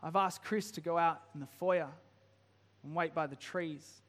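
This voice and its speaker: A man delivers a sermon in a high, light voice, the sound trailing off into the long echo of a church hall. He reads scripture slowly and softly, then rises into impassioned, questioning appeals. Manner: builds from hushed to impassioned pleading. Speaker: pastor.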